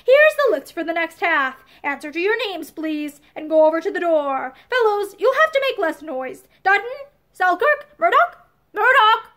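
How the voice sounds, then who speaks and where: A loud, commanding male football coach from an old-time college story bellows his team's names above the din, as a woman reads him aloud. The voice sits high and swoops about with plenty of force. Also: very animated, unhurried, full character voice. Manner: shouting orders over a noisy room.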